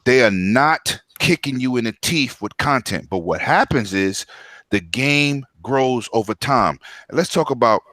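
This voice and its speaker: A man's voice: mid-range voice, lively intonation, unhurried, pushed and bright, no room sound. A man from New York co-hosting a casual podcast, making points in an emphatic, argumentative way. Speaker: podcast co-host.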